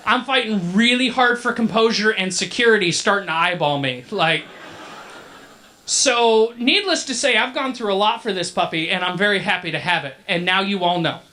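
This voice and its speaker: Brief: male emcee, bright voice, chatty joking banter on a handheld mic. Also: sits high, lively intonation, normal speed. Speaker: masquerade emcee. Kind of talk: live emcee storytelling. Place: convention event hall. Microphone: handheld microphone.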